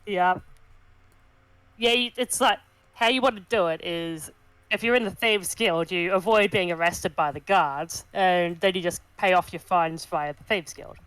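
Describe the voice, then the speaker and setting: A woman chatting casually on a livestream, easygoing and soft-spoken. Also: fairly low pitch, measured pace, smooth, no room sound, poor audio. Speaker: co-host on a livestream. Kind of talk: casual chat.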